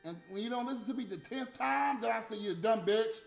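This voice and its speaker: A man delivering a heated, profane, scolding rant on a livestream, with loud bursts. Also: extremely high pitch, fast, vocal fry. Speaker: livestream host. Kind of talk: unscripted ranting monologue. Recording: echoey room with faint music.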